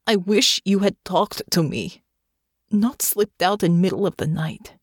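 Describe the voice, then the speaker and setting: A woman's voice: medium pitch, measured pace, husky, no echo, studio quality. A woman reading a story aloud, voicing a fierce young woman soldier who speaks formally, without contractions, and pleads through grief. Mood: pleading.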